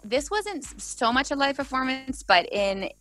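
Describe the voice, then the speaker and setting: A woman's voice: high-pitched, big pitch swings, moderate pace, fairly bright tone, faint music behind. A young woman, a singer-songwriter, talks casually over a video call and tells stories with laughs and quoted voices.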